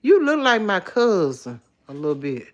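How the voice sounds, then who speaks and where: A woman's voice: mid-range voice, big pitch swings, moderate pace, highs cut off, slight background noise. A middle-aged woman hosting a casual livestream, chatting candidly and reading viewer comments aloud on her phone. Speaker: livestream host. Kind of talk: casual live chat with viewers.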